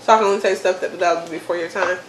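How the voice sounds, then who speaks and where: A woman's voice: lowish voice, racing, echoey room, background noise. A woman in her thirties, hosting a casual chat and laughing often as she repeats words. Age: 30s. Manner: animated, laughing, repeats words to test them. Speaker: mother and channel host.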